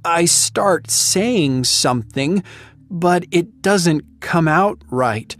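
A woman narrating a story in first person, reading slowly and clearly for language learners. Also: fairly low pitch, expressive, soft background music.

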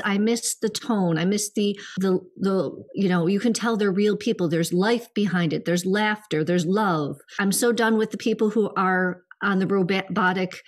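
A woman's voice: medium pitch, unhurried, few pauses. A middle-aged woman co-hosting a spiritual podcast, talking earnestly in a rambling casual way with many fillers. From United States. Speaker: podcast co-host.

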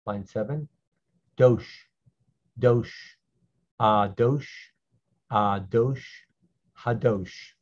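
A man teaching a slow Hebrew reading lesson, patiently repeating each syllable so learners can follow. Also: mid-range voice. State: clearing his throat. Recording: dull lo-fi sound.

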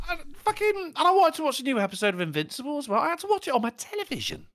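A British man in casual conversation, telling rambling stories full of swearing and laughter. His pitch swoops very widely from line to line, with plenty of bounce. He sounds like a relaxed show co-host. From Britain. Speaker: podcast co-host. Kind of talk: casual chat.

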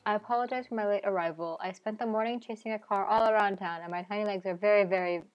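A woman's voice: medium pitch, steady tone, quick pace, muffled recording, a little hiss or hum, natural voice. A woman voicing a tired, pompous male dog who works as a professor, speaking in a formal lecturing tone.

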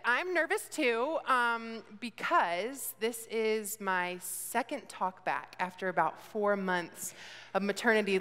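A young woman giving a faith talk to students, chatty and lively, who turns soft and slow when she prays. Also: mid-range voice, clean tone. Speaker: speaker. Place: auditorium with an audience. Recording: reverberant hall sound.

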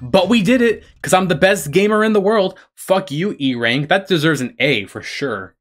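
Excitable gamer man, pitch leaps wildly. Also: moderate pace, faint music behind. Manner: swings from calm explaining to shrieking panic and laughter; swears a lot, boasts jokingly. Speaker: gaming YouTuber. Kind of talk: excited gameplay commentary.

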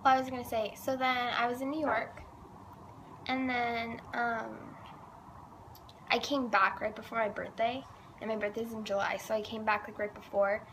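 A woman's voice: a little high, flat delivery, normal speed, a bit bright. A teenage girl casually telling her own story, saying "like" a lot. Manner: chatty, says "like" a lot. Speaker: vlogger. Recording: faint background noise.

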